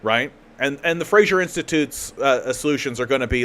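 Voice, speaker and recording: A man's voice: mid-range voice, expressive, fairly quick, fairly bright tone. Sarcastic swearing male stream host. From Canada. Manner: sarcastic, swears freely, restarts often. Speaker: political commentary host. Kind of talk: casual livestream commentary.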